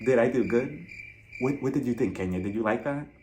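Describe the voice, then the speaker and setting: A man hosting a casual, gossipy recap vlog of a reality show, animated and quick to laugh. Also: medium pitch, a little hiss or hum. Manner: animated and gossipy, laughs often, slips into voices.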